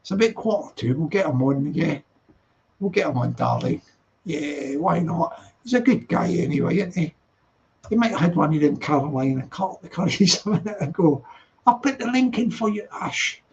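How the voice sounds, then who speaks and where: Chatty male streamer with a high, gravelly voice; teasing, laughs a lot; dull lo-fi sound. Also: animated, normal speed, darkish tone, a little hiss or hum. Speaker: live stream host reading chat. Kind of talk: casual late-night chat.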